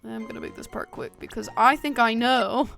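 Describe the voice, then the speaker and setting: A woman's voice: on the high side, brisk, creaky, a bit bright, faint music behind. A woman streamer chatting casually over a game, playful, swearing and laughing in asides. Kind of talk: casual let's-play commentary.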